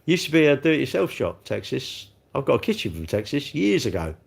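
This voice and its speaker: A man's voice: medium pitch, big pitch swings, brisk, gravelly, husky. A middle-aged man from England with an English accent, chatting casually on a livestream, rambling and poking fun at himself as he reads out comments. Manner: rambling, chatty, self-mocking. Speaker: livestream host.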